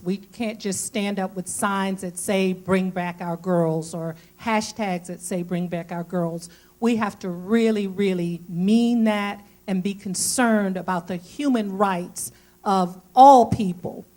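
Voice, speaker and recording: A woman's voice: mid-range voice, darkish tone. Woman candidate, earnest, keeps repeating her point at a forum. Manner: earnest, repetitive, emphatic. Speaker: congressional candidate.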